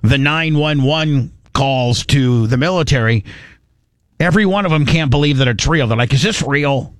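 A man's voice: mid-range voice, normal speed, no room sound, clean studio sound. A man hosting a podcast, talking in casual commentary that rambles, with many restarts and repeated words, blunt and crude. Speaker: podcast host.

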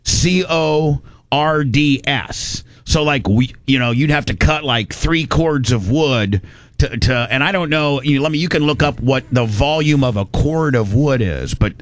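A middle-aged man from Indiana, USA tells a rambling, folksy story in casual podcast chat, with many restarts. His mid-range voice moves at a moderate pace with no echo.

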